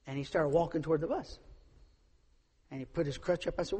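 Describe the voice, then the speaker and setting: A man's voice: a little high, fairly even intonation, quick pace, a little mellow, slightly rough, big-room sound. A man preaching a sermon, emphatic, repeating his points and acting out the people in his stories. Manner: emphatic, repeats phrases, acts out quoted voices.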